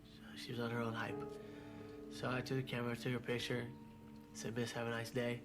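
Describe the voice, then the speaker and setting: A man telling a personal story in a documentary interview, halting and repeating his words as he goes. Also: medium pitch, completely flat delivery. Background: music.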